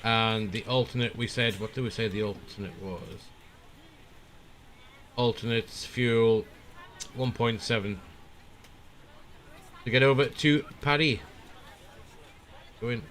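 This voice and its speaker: A relaxed man on a live stream talks through his flight planning, pausing and thinking aloud as he goes. His voice sits at an everyday middle pitch. A faint hiss of noise runs under it. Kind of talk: casual live-stream commentary.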